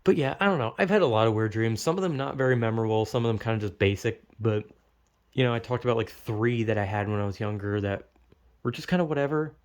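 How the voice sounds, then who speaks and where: A man's voice: fairly low pitch, quick pace, smooth. A man casually recounting a strange dream in a rambling monologue, full of filler words and swearing, growing incredulous as he goes. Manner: animated, incredulous.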